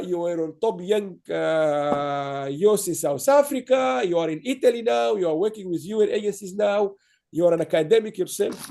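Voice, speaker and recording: A man hosting an awards ceremony over a video call, his voice pitched high for a man and soft and mellow in tone. He speaks haltingly, restarting phrases and filling gaps with "uh" as he praises the winners. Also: vocal fry. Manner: halting, repeats words, many fillers. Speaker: awards host. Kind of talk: online awards ceremony speech.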